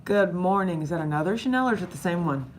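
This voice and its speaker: A woman's voice: expressive, quick pace, a little hiss or hum. A young woman who has lost much of her voice, chatting casually and greeting viewers by name on a live stream. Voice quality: low, husky from strain. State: hoarse, losing her voice. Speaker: vlogger greeting live chat.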